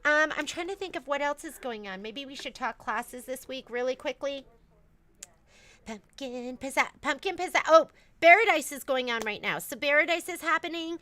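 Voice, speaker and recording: Bright, chatty woman hosting a store livestream. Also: high voice, animated, fairly quick, few pauses. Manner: chatty, rambling, many fillers and restarts. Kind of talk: casual livestream chat.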